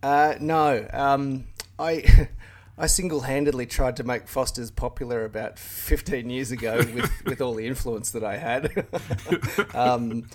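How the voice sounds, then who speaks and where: A man's voice: medium pitch, fairly even intonation. An Australian man talking casually as an interview guest over a call. He laughs often and restarts his sentences a lot. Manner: laughs often, self-deprecating, halting restarts. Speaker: guest, YouTube channel creator. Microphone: remote call.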